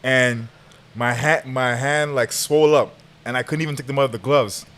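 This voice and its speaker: A young man guest on a podcast, telling a story in a casual, animated, slangy way and laughing as he goes. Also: medium pitch, normal speed.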